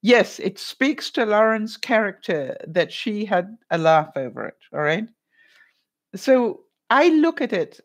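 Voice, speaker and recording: A woman's voice: mid-range voice, very animated, slow. A woman hosting a casual live stream, chatting with viewers, laughing often and acting out other people's lines. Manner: laughs often while telling a story; greets viewers in the live chat.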